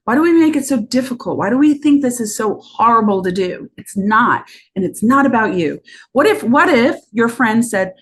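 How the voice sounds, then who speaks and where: A woman business coach on a podcast, talking in a lively way and acting out bits of sales talk. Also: fairly high pitch, moderate pace, husky. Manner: animated, acts out sales talk.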